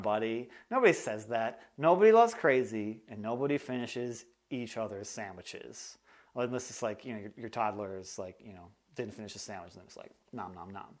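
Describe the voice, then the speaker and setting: A man teaching a casual music theory lesson in a joking, sarcastic, chatty way. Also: mid-range voice.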